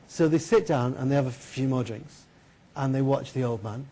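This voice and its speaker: A man giving a keynote lecture, telling a story in a lively, chatty way and putting questions to the audience. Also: mid-range voice, moderate pace. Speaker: keynote speaker. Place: lecture hall.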